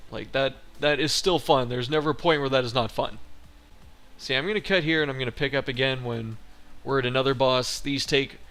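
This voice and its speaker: A man of middle pitch chats his way through a boss fight as a let's play host, loose, profane and humming along as he plays. Game music runs clearly behind his voice. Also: fairly quick, fairly bright tone. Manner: chatty and profane, hums along while fighting. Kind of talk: casual gameplay commentary.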